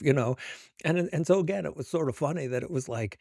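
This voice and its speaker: Middle-aged male author guest, warm mellow tone, casual and self-amused, dry close sound. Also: fairly high pitch, fast talker, creaky, no echo. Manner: chatty and self-amused, many fillers. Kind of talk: casual interview conversation.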